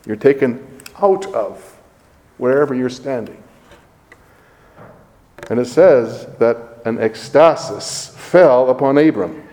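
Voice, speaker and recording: A man preaching a sermon as a priest, slow and deliberate, stressing words as he reads scripture aloud. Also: mid-range voice, warm tone, in a large hall, rough recording.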